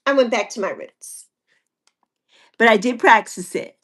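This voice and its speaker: On the high side and fairly bright, the voice belongs to a woman in her sixties hosting a relaxed livestream chat at an unhurried pace. She laughs often, repeats herself and reads out what viewers comment.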